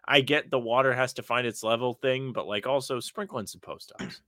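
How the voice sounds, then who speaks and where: A man co-hosts a casual sports podcast and keeps the banter going with teasing, self-mocking wisecracks. His voice sounds bright and forward. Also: mid-range voice, fairly quick, dry recording. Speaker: podcast co-host.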